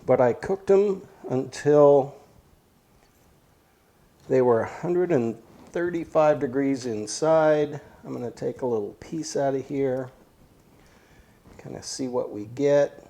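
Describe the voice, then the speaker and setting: A man's voice: medium pitch, slow pace, long pauses, dark tone. A man hosting a casual cooking vlog, talking plainly and thinking aloud as he goes. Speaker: cooking channel host.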